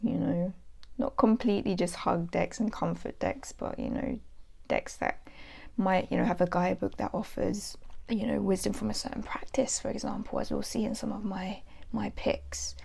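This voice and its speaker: A woman's voice: medium pitch, lively intonation, normal speed, creaky, a little mellow, slightly rough. A young adult woman hosting a casual tarot vlog. She sounds nasal from hay fever and chats in a rambling way with lots of fillers. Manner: rambling, chatty, many fillers. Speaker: tarot channel host.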